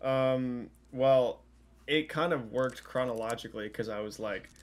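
A man's voice: mid-range voice, a little slow. A man doing comedic freestyle raps, then earnestly defending his lyrics in playful banter.

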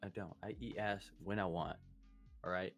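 A man's voice: deep voice, steady tone, normal speed, soft background music. A man in casual podcast chat with a friend, rambling and profane, laughing often. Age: adult, a parent.

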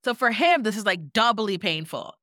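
Medium in pitch and normal in speed, a young woman co-hosts a podcast, chatting casually through a reality-show story. She tells it animatedly, acting out people's lines with lots of "like," in studio-quality audio with no echo.

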